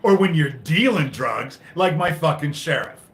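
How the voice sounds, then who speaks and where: A man's voice: expressive, normal speed. Frustrated man ranting, swearing, echoey room. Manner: frustrated, profane, swinging between loud outbursts and low muttering. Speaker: livestream host. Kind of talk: live-stream rant.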